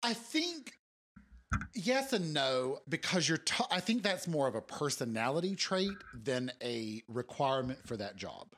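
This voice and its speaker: A man's voice: mid-range voice, sing-song, a little slow, fairly bright tone. A man in casual conversation, musing aloud and acting out quoted remarks. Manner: musing, acts out quotes in different voices. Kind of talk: casual chat.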